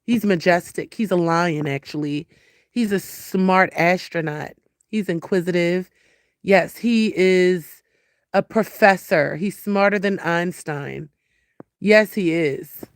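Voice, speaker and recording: A woman's voice: fairly low pitch, takes it slowly, no echo, clean studio sound. Blunt, profane woman ranting on a livestream. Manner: blunt, profane, talks to her cat and viewers. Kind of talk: casual livestream rant.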